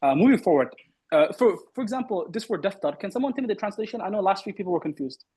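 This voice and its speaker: A man with a somewhat raised, husky voice runs an online Arabic lesson. He quizzes his students and corrects their answers firmly, often repeating a word several times. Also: high voice, lively intonation, quick pace, darkish tone, rough recording. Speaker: Arabic teacher. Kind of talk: online class teaching.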